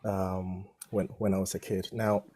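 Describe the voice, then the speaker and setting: A man from Ghana, joining a live stream as a guest and talking softly and thoughtfully with little giggles. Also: low-pitched, flat delivery, unhurried, dry recording. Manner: soft-spoken, giggly, thoughtful. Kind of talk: casual chat.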